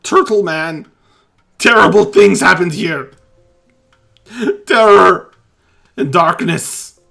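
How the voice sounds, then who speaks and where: A man voicing a desperate, grieving village priest who speaks hoarsely, close to sobbing, and keeps repeating himself. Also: on the high side, big pitch swings, faint music behind, voice pushed up, full character voice. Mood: frantic. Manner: pleading, repeating himself, halting. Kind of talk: voicing a character in a tabletop game.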